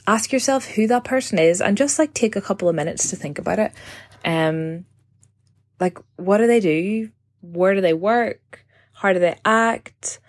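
A woman's voice: mid-range voice, normal speed, a little mellow. A twenty-five-year-old woman hosting her own podcast, talking casually and rambling with lots of "like" and self-corrections, recorded on her phone. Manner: chatty, rambling, heavy use of "like", self-correcting. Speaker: podcast host. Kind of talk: casual solo podcast chat.

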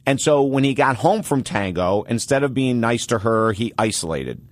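A man hosting an advice show, telling stories in an animated way and driving points home by repeating them. His mid-pitched voice sits close and dry, with no room sound around it. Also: moderate pace, no room sound. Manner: animated storytelling, emphatic repetition. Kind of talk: call-in advice talk.

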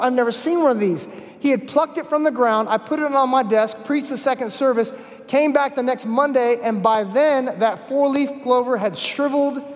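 A man preaching a sermon at a conference, emphatic, repeating key phrases and telling stories. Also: very high-pitched. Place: large conference hall. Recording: long hall reverb.

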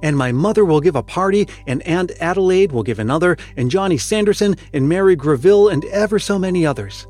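A man's voice: high-pitched, lively intonation, brisk, hardly any pauses, a little mellow, no room sound, soft background music, voice pushed up. A man voicing an eager, boastful but kind schoolboy in a storybook reading, lifting his voice as the boy.

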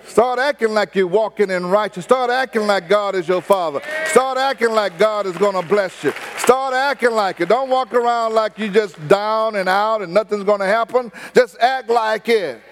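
High-voiced preacher man. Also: moderate pace, noisy background. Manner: emphatic, repetitive preaching with humor. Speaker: pastor. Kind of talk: sermon.

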